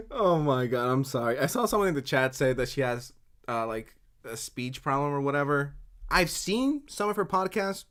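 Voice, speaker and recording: A woman's voice: a bass voice, big pitch swings, moderate pace. A woman streaming a reaction, talking casually, swearing and breaking into giggles.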